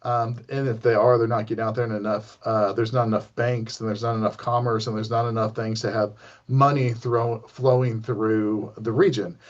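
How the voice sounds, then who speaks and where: A man's voice: fairly low pitch, flat delivery, normal speed, highs cut off. A man giving a recorded college history lecture in a loose, conversational way, full of ums and asking "right?" often. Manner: conversational, many ums and tag questions.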